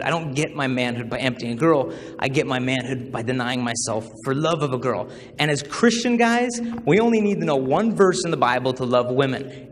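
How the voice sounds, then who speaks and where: Guy telling funny stories to a crowd of students, bit high voice, long echo in a big hall. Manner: animated storytelling, acts out voices. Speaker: chastity speaker. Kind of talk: humorous public talk to students.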